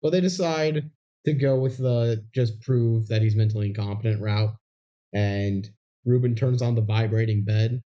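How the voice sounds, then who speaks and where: A man's voice: on the low side, moderate pace, muffled recording. A man co-hosting a podcast, recapping a movie scene by scene and acting out the characters' lines. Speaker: podcast co-host. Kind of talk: casual movie recap chat.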